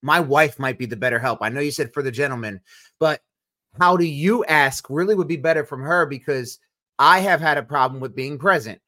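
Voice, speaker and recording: A man's voice: fairly high pitch, brisk, bright, forceful tone. Frank, earnest man with a raised voice. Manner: frank, earnest, talks openly about himself. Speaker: podcast host. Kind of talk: casual podcast chat.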